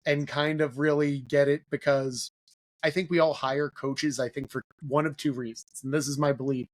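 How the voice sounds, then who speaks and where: A man hosts a podcast interview, talking casually in a rambling way, heavy with fillers and especially leaning on "like". His voice is a little high, level in tone, at a normal speed.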